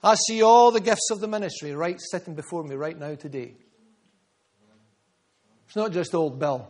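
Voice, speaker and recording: A Scottish pastor delivers a sermon in a noticeably high voice. He drives his points home with emphatic repetition, then drops into quieter asides. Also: moderate pace.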